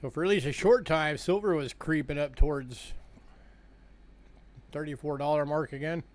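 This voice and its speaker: A man's voice: fairly high pitch, normal speed. A man hosting a coin sale livestream, talking casually to viewers while waiting for people to join. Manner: relaxed, chatty, yawning between remarks.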